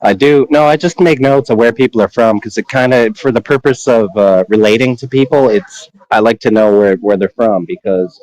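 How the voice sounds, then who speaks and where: A man chatting casually as a guest, relaxed and reflective, with pauses and hesitations. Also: medium pitch, no room sound, low-quality recording. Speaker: guest on stream. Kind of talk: casual chat.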